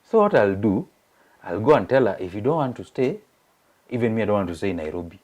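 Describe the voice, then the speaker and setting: A young Kenyan man with a Kenyan accent and a lowish voice talks fast as a guest, sharing a personal story in a casual chat. He mixes English and Swahili and animatedly acts out the voices of the people he quotes.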